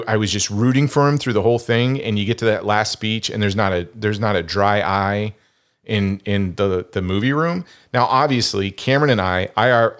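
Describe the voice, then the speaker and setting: A man's voice: fairly low pitch, fairly bright tone. A middle-aged man hosting a podcast in casual chat, rambling and often restarting his phrases. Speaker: podcast host.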